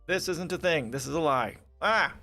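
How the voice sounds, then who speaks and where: Male streamer, higher voice, sarcastic and swearing, faint music underneath. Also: a little fast, a bit bright. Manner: profane, sarcastic, reads articles aloud and rants. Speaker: livestream host. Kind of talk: casual political commentary stream.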